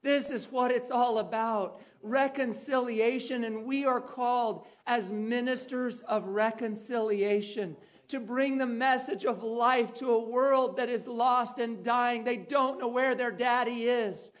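A man's voice: very high voice, fairly even intonation, measured pace, few pauses, dull audio. Man preaching a dramatic sermon story. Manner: storytelling, dramatic with sudden loud calls. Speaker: pastor.

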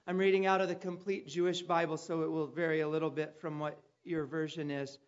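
A man's voice: fairly high pitch, level tone, fairly quick, muffled recording. Man preaching a dramatic sermon story. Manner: storytelling, dramatic with sudden loud calls. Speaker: pastor.

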